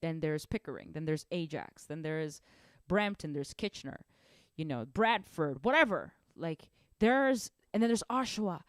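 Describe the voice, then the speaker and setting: Animated young woman teaching drums. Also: low-pitched, normal speed, no room sound, clean studio sound. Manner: animated, rambling, self-correcting. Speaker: drum teacher. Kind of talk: casual drum lesson talk.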